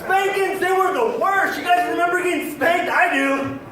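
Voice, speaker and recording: A man performing a loud stand-up comedy set for a live audience, telling family stories and acting out the voices. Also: very high voice, normal speed. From Mexican-American family. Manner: loud storytelling, acts out voices, stutters for effect. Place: prison event hall, live audience. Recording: echoey far-off hall recording with noise.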